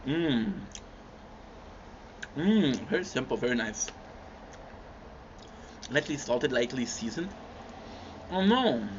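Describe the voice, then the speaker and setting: A young man hosting a livestream, chatting casually with viewers and humming between bites of food. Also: mid-range voice. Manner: relaxed, chatty, stops to chew and hum between bites. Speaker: livestream host. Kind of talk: casual chat with viewers while eating. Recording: dull lo-fi stream audio with faint background hum.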